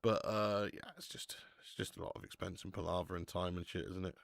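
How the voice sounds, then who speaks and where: A man's voice: sits low, little pitch movement, fairly quick, gravelly, dry recording, clean studio sound. A man hosting a live football watch-along, chatting casually, swearing and reading out viewer messages.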